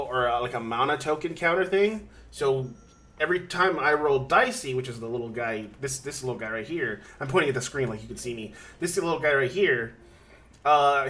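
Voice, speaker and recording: A man's voice: mid-range voice, a bit bright. A man streaming a video game, rambling and joking as he explains it. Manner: rambling, self-interrupting, jokey. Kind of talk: casual gaming commentary.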